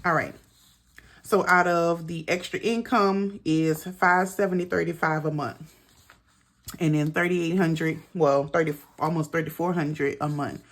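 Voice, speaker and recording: A middle-aged woman talks through her monthly budget in an unhurried, drawn-out way, calling out figures and chatting to her viewers as she goes. Her voice sits on the lower side, and typing on a keyboard can be heard behind her. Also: steady tone. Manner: chatty, talks to viewers as girl and y'all while adding up figures. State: out of breath. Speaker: budgeting vlogger. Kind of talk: casual budget walkthrough.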